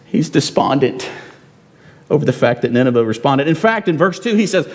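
A man preaching a sermon in a church, animated and conversational, with frequent rhetorical tag questions to the congregation. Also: mid-range voice, fairly quick. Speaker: pastor. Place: church sanctuary. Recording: long reverb in a church.

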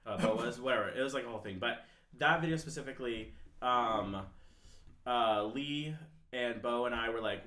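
A man's voice: mid-range voice, normal speed, sharp tone, reverberant. A young man, a podcast guest, telling rambling stories full of fillers in casual chat. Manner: rambling, filler-heavy storytelling.

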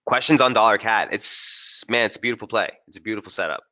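A man with a bright, forceful tone and a slightly low voice walks viewers through trading charts in a live webinar. He keeps it casual and energetic, talking straight to his audience. The sound is dull and lo-fi, like typical webinar audio. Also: fast talker. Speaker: technical strategist hosting a trading webinar. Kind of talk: live market analysis over charts.

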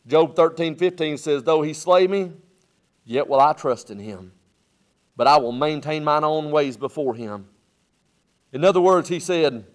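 A male pastor, preaching a sermon from the pulpit. He builds to loud, rising bursts, then drops low and quiet. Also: normal speed. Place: church sanctuary at the pulpit.

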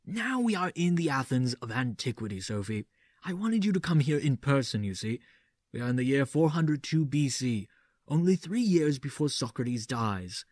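A man voicing an eccentric male philosophy teacher in an audiobook, speaking quietly and confidingly. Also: medium pitch, no echo, studio quality, natural voice.

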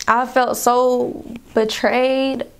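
A woman's voice: fairly high pitch, flat delivery, extremely slow, clear, resonant tone. Young woman, tearful storytelling vlog. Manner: rambling, addresses viewers as y'all, fighting back tears. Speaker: vlogger.

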